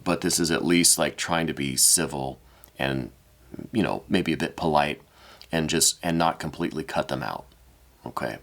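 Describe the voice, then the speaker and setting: A man with a very low voice gives a weekly tarot reading. He talks gently and haltingly, restarting his sentences, and sounds moved and apologetic as he goes. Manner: gentle, hesitant, with many restarts and fillers; emotional, apologetic. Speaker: tarot reader.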